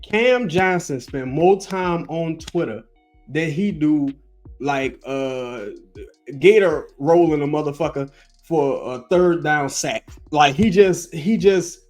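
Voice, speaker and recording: A New man hosting a sports podcast, voice a bit higher than most men's, ranting with loose profanity and rambling asides. Faint music plays under him. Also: slow. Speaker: podcast host. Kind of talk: casual sports rant.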